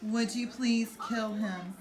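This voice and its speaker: A woman teacher explaining Shakespeare in casual modern words, playful and animated. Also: fairly high pitch, roomy sound, distant mic, background noise. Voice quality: animated, playful, quick to rephrase. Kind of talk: lively classroom paraphrasing. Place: classroom.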